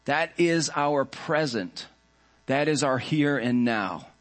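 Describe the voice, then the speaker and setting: A male pastor delivering a sermon in a mid-pitched voice. He speaks earnestly and reflectively, with measured, unhurried phrasing. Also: animated.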